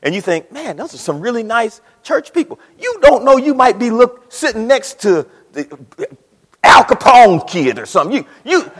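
A man preaching a sermon in a church, dramatic, dropping to a hush and rising to shouts. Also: high voice, sing-song, moderate pace, slightly rough, in a large hall. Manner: dramatic, swings between hushed and shouting. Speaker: pastor.

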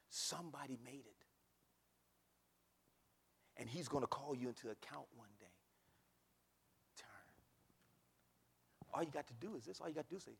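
Preacher guy, gravelly husky voice, swings from shouting down to whispers, big echo hanging off it. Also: fairly high pitch. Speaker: pastor. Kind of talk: sermon.

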